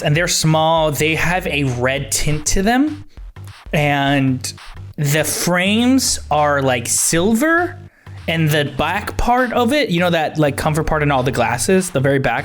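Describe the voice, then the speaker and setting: A man's voice: fairly high pitch, expressive, measured pace, soft background music. Rambling hesitant male game master. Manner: rambling, hesitant, laughs often. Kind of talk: narrating a tabletop game.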